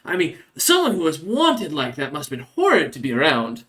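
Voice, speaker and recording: A man voicing a fawning, excitable male rat-folk guard who gushes and stammers. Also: brisk. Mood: gushing. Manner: gushing, stammering, high-pitched.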